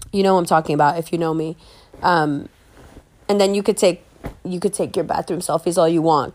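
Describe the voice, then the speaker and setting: A woman ranting casually to camera, brash and sassy, swearing freely and laughing at her own jokes. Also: mid-range voice.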